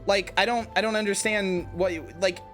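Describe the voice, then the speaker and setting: A woman streamer chatting casually with her viewers in an animated, exasperated way. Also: medium pitch, normal speed, faint music behind. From United States. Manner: animated, exasperated, with restarts and laughs.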